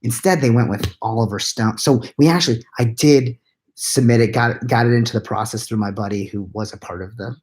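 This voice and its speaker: A tired man, likely in his thirties, answering live chat questions into a laptop at home at night, keeping his voice hushed and rambling with quiet self-mocking laughs. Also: mid-range voice, fairly quick. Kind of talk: late-night live chat Q&A, half-whispered. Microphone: laptop mic.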